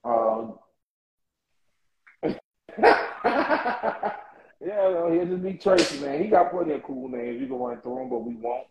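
A relaxed, slangy man chatting on a podcast, his pitch swinging animatedly from phrase to phrase. He sounds a little tired and yawns now and then. The room is echoey with a faint hiss behind him. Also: slow pace, pauses often, dull audio. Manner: laid-back, slangy, playful, sings a bit. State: yawning, tired. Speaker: podcast co-host. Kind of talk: casual chat. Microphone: earbuds.

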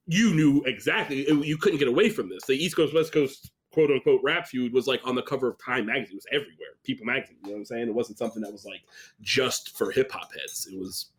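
A man talking casually on a podcast, relaxed and rambling, with lots of fillers. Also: mid-range voice, fast, slightly rough.

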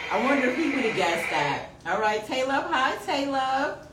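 A fairly low-pitched woman hosts a casual live show and talks with lively energy. She gets loud at times and laughs easily. Her voice sounds roomy and a bit far from the mic, with faint noise behind her. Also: measured pace. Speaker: podcast host. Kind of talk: casual live-stream chat.

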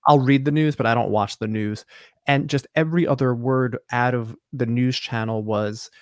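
A man talking in a relaxed, opinionated way during a casual podcast conversation. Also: mid-range voice, moderate pace, dry recording, studio quality.

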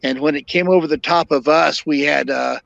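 An older man, a podcast guest and former fire captain, telling long stories in a halting way with many fillers and restarts. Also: fairly high pitch, fairly even intonation, gravelly, a bit bright, dry recording. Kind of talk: storytelling interview. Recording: dull lo-fi dry sound.

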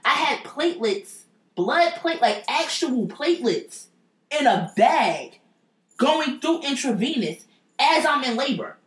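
A woman's voice: high-pitched, big pitch swings, slow. A woman telling a personal story in a blunt, profane and emphatic casual way. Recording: roomy echo.

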